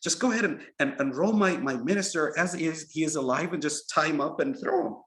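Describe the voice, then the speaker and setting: A man's voice: fairly high pitch, fast, fairly bright tone, roomy sound, lightly acted. Man doing a giddy drunk king. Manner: giddy, laughing, reckless. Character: drunk careless old-time male king.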